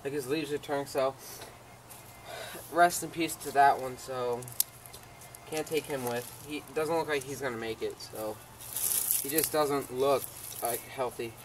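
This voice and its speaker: A man's voice: mid-range voice, unhurried, long pauses, a little hiss or hum, poor audio. A tired man rambling casually as he shows his garden, talking to his dog along the way. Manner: rambling, self-interrupting, talks to his dog. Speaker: home gardener. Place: outdoor garden.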